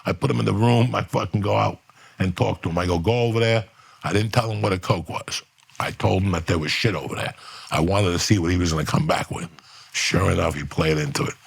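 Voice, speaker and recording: A middle-aged man with a very low, gravelly voice tells a story on a podcast. He swears freely and slips into the voices of the people he describes, his tone husky and rough. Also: fairly quick. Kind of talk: animated storytelling.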